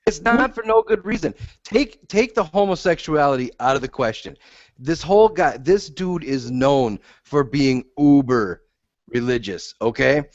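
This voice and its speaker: A man's voice: on the high side, animated, a little slow, dry recording. A man co-hosting a podcast, arguing bluntly and emphatically in casual, profane chat. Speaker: podcast co-host. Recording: dull lo-fi audio.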